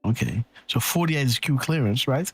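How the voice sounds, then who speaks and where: Excitable rambling male streamer. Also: mid-range voice, moderate pace, creaky, slightly rough, no echo, faint music behind. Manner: excitable and rambling, thinks aloud with frequent "right?" and "okay". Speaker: host of a live decode show. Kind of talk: casual live-stream commentary.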